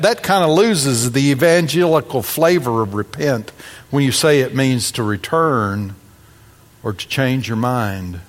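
Preaching man in a reverberant church. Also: a little high. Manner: preaching with dramatic emphasis and humorous asides. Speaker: pastor. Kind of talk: sermon.

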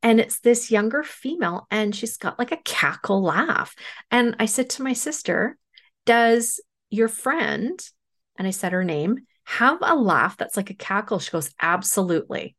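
Woman, podcast host, chatty personal storytelling, plays out the dialogue with energy, mid-range pitch. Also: moderate pace. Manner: animated retelling with acted-out dialogue. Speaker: podcast host and spiritual medium.

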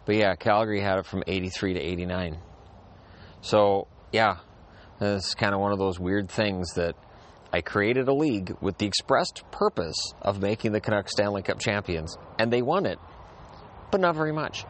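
A man's voice: lowish voice, fairly bright tone. A man hosting a casual solo show, rambling in an easygoing way, repeating phrases and restarting his sentences. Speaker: podcast host. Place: outdoors in a backyard.

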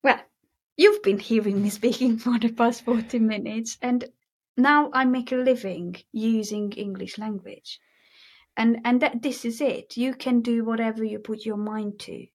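A woman's voice: fairly high pitch, steady tone, unhurried. A woman with a Hungarian accent, a guest in a casual interview, talking earnestly and emphatically, often repeating her key phrases. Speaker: guest, mindset coach.

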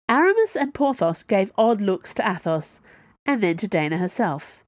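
A woman reading a story aloud in an even, measured narration. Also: medium pitch, no room sound. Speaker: audiobook narrator. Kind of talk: scripted narration.

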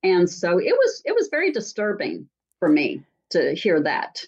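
A woman from Alaska, a talk-show guest, telling a story in lively, chatty fashion with frequent ums and restarts. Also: lowish voice, unhurried, creaky, husky. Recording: dull lo-fi sound.

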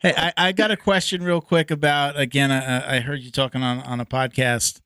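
A man's voice: medium pitch, fairly even intonation, normal speed, sharp tone, clean tone, no room sound. Man asking restarting questions. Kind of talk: casual interview chat.

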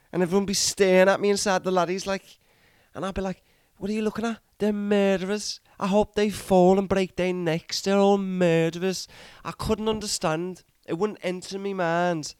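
A man's voice: sits high, smooth, no room sound, clean studio sound, pitched above the performer's own voice, lightly acted. A man playing an aggrieved working-class author who rants and repeats himself, with a slangy accent that wanders all over. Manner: ranting, repeating himself, calling listeners lad. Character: aggrieved working-class male author, ranting and self-pitying. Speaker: comedy podcast guest character.

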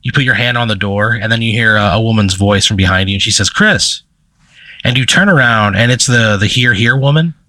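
A man hosting a podcast, telling an improvised comic story in a rambling, deadpan way. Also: lowish voice, fast, hardly any pauses, no room sound. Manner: rambling, deadpan narration with fillers. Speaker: podcast host telling a hypothetical.

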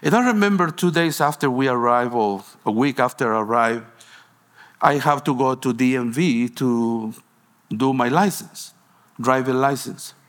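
A man's voice: medium pitch, a little slow, a bit bright. A man from Guatemala, a pastor preaching a sermon in a storytelling way, with broken phrasing and frequent restarts.

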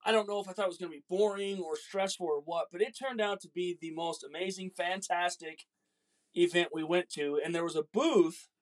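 A man hosting a casual podcast with his son, telling stories in an animated, joking way. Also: high voice, brisk. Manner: animated, jokey, acts out voices in stories. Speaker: podcast host, father. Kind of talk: casual storytelling chat.

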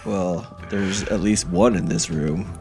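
A man co-hosting a podcast who answers with deadpan, self-mocking one-liners. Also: low voice, slow pace, soft background music. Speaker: podcast co-host. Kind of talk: casual comedic podcast chat.

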